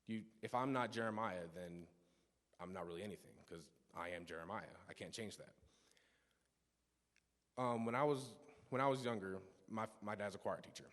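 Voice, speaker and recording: Long church reverb surrounds a teenage youth speaker whose lowish, fairly bright voice moves at a normal speed. Giving his personal testimony in the sanctuary, he's earnest, restarting frequently and adding asides to his stories.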